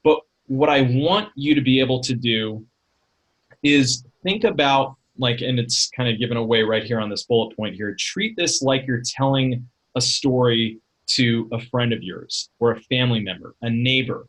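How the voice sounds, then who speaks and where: A man presenting a webinar in a relaxed, conversational coaching way, often using fillers like "um" and "you know.". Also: medium pitch, normal speed, rough recording. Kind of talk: casual webinar talk.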